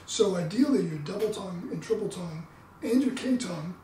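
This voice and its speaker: A man explaining trumpet practice in a relaxed, explanatory way, sometimes singing tonguing syllables. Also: high voice, brisk. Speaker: trumpet teacher. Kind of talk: instructional demo talk. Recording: roomy, distant mic, faint background noise.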